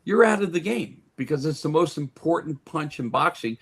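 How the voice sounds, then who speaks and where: A man's voice: a little high, animated, moderate pace, fairly bright tone, breathy edge. A man who is a guest on a sports talk radio show, telling stories in a casual chat and often restarting and repeating words.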